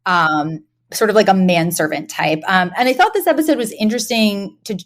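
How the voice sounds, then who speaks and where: A woman co-hosting a podcast in casual chat, animated, laughing often and acting out quoted lines. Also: medium pitch, a little fast. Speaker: podcast co-host.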